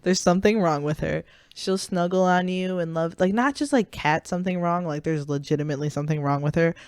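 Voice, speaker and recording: A woman co-hosts a casual podcast from her bedroom and teases her partner with quick, laughing banter. The sound is close and dry, with no room echo. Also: fairly low pitch, fairly even intonation, darkish tone, smooth. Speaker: podcast co-host. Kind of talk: casual chat.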